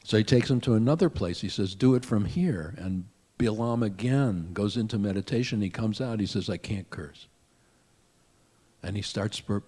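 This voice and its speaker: Husky-voiced rabbi telling a story. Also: male voice, on the low side. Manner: conversational, animated retelling with asides. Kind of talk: storytelling sermon.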